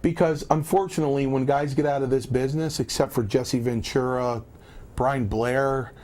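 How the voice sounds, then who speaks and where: A middle-aged man with a medium-pitched voice tells a casual story as a talk show guest. He is animated and often stumbles into restarts. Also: normal speed. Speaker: guest, former wrestler turned lawyer. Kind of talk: casual anecdote.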